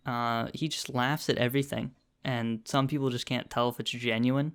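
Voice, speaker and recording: A man's voice: mid-range voice, steady tone, normal speed, clean tone. A young man co-hosting a podcast in casual chat, telling rambling stories and laughing often. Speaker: podcast co-host.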